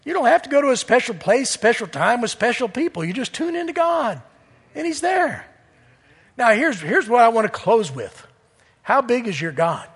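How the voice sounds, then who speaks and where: A man preaching a sermon in earnest, swinging from loud appeals to hushed near-whispers. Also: very high voice, big pitch swings, normal speed, slightly rough, long reverb tail.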